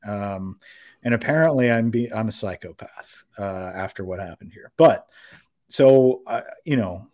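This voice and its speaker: A man's voice: fairly low pitch, a little slow, dry recording, clean studio sound. A young man casually telling a long, rambling anecdote on a podcast, swearing freely and acting out what everyone said. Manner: rambling, animated anecdote with profanity and quoted voices. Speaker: podcast co-host. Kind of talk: casual storytelling.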